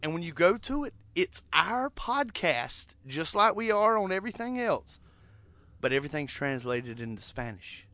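A young man hosts a casual podcast, laid-back and loose-tongued, swearing now and then. His voice sits slightly high and has a notably bright, forceful edge. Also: very animated, moderate pace, dry recording. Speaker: podcast host.

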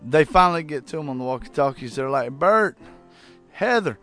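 A man's voice: mid-range voice, quick pace, smooth, soft background music. A man in casual movie chat as a podcast co-host, swearing freely and acting out scenes in voices. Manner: animated, swears a lot, acts out scenes in voices.

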